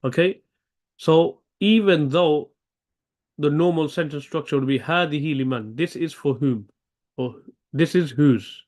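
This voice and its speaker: A man's voice: a little high, unhurried, darkish tone. A man teaching an Arabic grammar class, thinking aloud and checking in with "okay?" often. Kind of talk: online language lesson.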